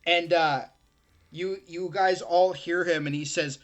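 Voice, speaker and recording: Slow, bright-voiced man narrating a game. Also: on the high side, steady tone, muffled recording. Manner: slow, hesitant narration with many fillers. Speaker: game master.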